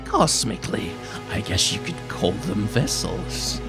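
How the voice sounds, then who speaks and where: A man voicing a sadistic male cult leader, a former minister turned monster, in a lower, softer voice. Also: sing-song, unhurried, over music. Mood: menacing. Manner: dastardly, sadistic and gloating.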